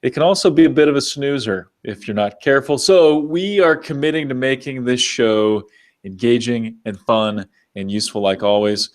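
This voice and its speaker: Man, show host, enthusiastic, chatty, mid-pitched voice. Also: normal speed. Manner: enthusiastic, restarts words. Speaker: podcast host. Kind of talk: upbeat show host chat.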